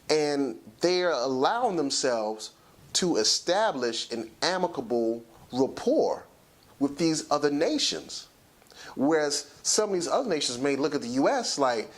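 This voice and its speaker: A man hosting a talk show, giving a lecturing, emphatic commentary and slowing down to stress his points. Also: fairly high pitch, sing-song.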